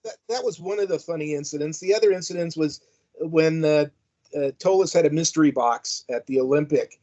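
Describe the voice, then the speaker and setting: An older man who used to be a wrestling manager tells rambling, amused anecdotes packed with fillers. His voice is warm, fairly high, and a little fast, and the recording has a dull lo-fi quality.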